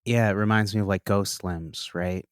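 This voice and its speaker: A man with a deep, low voice chats easily as a podcast producer, adding asides and quick agreements. The sound is dry and close, with no room around it. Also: steady tone, dry recording. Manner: easygoing, chimes in with brief agreements and asides. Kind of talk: casual chat.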